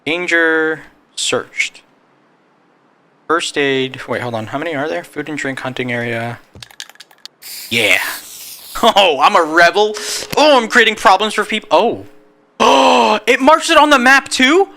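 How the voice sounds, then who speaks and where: Excitable young man with a lively voice. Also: fairly high pitch, slow pace, gravelly, pauses often. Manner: excitable, exclaims and talks to himself. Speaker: gaming video creator. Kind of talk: let's-play commentary with voice-over narration.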